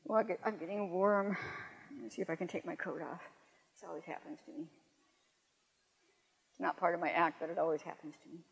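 An older woman poet giving a lecture, reading verse slowly and adding wry, self-correcting asides. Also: fairly low pitch, fairly even intonation, gravelly, slightly rough. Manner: measured, slows down to read verse aloud. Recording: long reverb in a hall.

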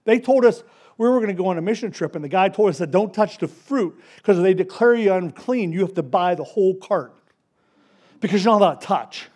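A man preaching a casual, story-driven sermon, acting out the characters in quick voices. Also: sits high, lively intonation, darkish tone, breathy edge. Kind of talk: conversational sermon.

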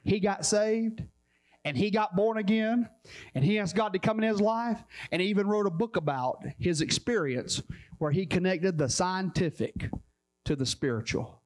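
High-voiced preacher telling a story. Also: male voice, normal speed. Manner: emphatic, repetitive storytelling. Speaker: pastor. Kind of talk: sermon.

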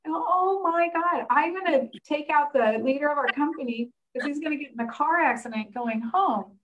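A woman hosting a casual discussion, telling an animated story and acting out the dialogue. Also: high-pitched, normal speed, a little hiss or hum, rough recording. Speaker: host. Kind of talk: casual chat.

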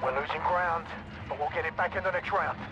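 Male actor as a terse military announcer, high-ish, clipped orders, gunfire behind. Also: fairly quick, muffled recording, natural voice. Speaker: in-game announcer. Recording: game audio with battle noise. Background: gunfire and vehicles.

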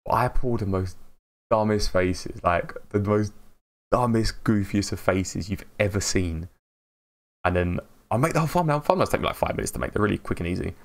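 A man's voice: on the low side, lively intonation, moderate pace. A man chatting casually on a live stream, rambling and laughing at himself as he greets viewers.

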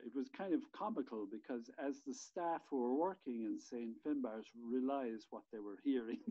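A man's voice: medium pitch, mellow, no room sound, muffled recording. Rambling man telling stories. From Ireland. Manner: rambling, swears freely, many restarts. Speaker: podcast guest, musician. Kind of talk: casual storytelling.

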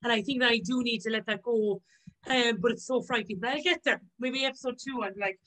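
Woman guest, heartfelt and upbeat, a bit high. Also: fairly even intonation, fast talker, fairly bright tone, rough recording. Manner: upbeat, heartfelt, acts out quoted speech. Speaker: podcast guest. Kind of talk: casual interview chat.

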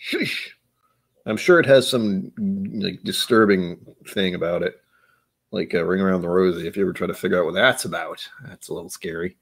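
Guy chatting on a whiskey stream, kinda low voice, rambly and jokey. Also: normal speed, creaky, slightly rough. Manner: rambling, jokey, talks to chat. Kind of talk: casual live-stream chat.

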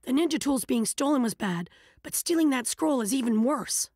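A woman's voice: sits high, expressive, normal speed, a little mellow, breathy edge, dry recording, clean studio sound. A woman voicing a commanding adult male village leader in a game cutscene, urgent and giving orders. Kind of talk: video game cutscene dub.

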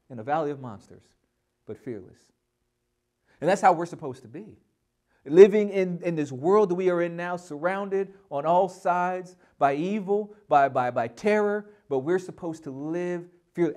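Brief: male pastor teaching, high voice, emphatic, energetic, repeats words at the start of phrases. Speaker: pastor teaching a Bible lesson. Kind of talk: sermon.

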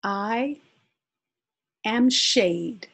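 A woman's voice: a little high, very slow, breathy edge, exaggerated voice. A woman doing a teasing shadow spirit. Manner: teasing, calm. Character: playful teasing shadow spirit, male, deep-voiced.

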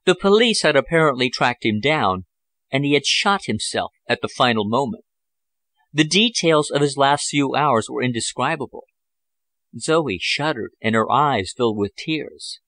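A man narrating a novel chapter as an audiobook, in a measured, even storytelling manner. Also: medium pitch, no room sound. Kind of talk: scripted narration.

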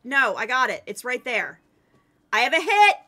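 A woman streaming a game live, commenting excitedly to her chat and teammates. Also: sits high, moderate pace.

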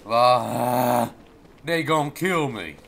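A man from the United States rambling goofily through let's play commentary, his voice going hoarse. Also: medium pitch, drawn-out words, fairly bright tone, a little hiss or hum. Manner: rambling, goofy, talks to the game. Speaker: gameplay commentator.

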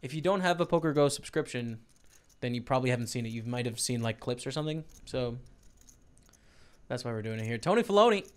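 A man's voice: medium pitch, quick pace, clear, resonant tone. A man casually talking to his viewers over a poker broadcast, rambling and chatty.

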